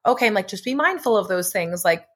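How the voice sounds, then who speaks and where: A woman's voice: mid-range voice, animated, quick pace, a bit bright, husky. A woman in her thirties co-hosting a podcast, talking frankly and casually about parenting. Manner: agreeable, frank, swears casually. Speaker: podcast co-host. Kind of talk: casual chat.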